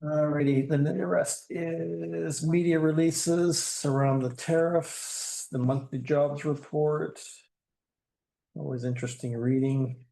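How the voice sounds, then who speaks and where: A man's voice: medium pitch, gravelly, warm tone. A man chairing a township council meeting, reading through agenda items in a casual, plainspoken way with dry asides. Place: council chamber.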